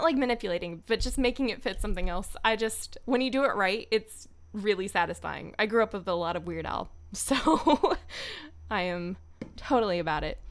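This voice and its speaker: A woman streamer in casual live-stream chat who is giggly and rambling, with lots of ums. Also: medium pitch. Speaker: streamer and voice actor.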